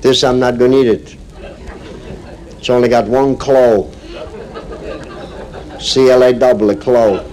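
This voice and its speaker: A man voicing an indignant, fussy male restaurant customer who speaks in broken dialect grammar and complains gruffly. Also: medium pitch, steady tone, unhurried, pauses often, warm tone, pitched below the performer's own voice, natural voice, poor audio.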